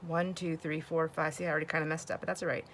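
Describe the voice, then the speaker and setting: A woman hosting a crafting channel chats casually as she works, laughing often and talking to herself. Her voice sits low and fairly bright, with a level tone and rapid-fire delivery, over slight background noise.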